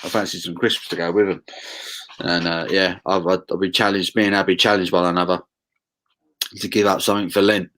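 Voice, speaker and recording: A man's voice: sits low, flat delivery, brisk, fairly bright tone. A man from the Suffolk coast, chatting casually and playfully over beers on a live stream. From Suffolk coast, England. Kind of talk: casual beer chat.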